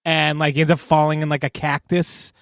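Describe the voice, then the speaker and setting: Slightly high-voiced man chatting. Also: monotone, brisk, a bit bright, no echo, studio quality. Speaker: podcast co-host. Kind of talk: casual chat.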